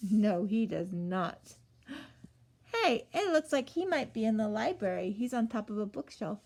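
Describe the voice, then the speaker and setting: A woman's voice: mid-range voice, sing-song, unhurried, a little mellow. A young woman reading a picture book aloud to children, asking them questions and gasping as she goes. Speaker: storyteller.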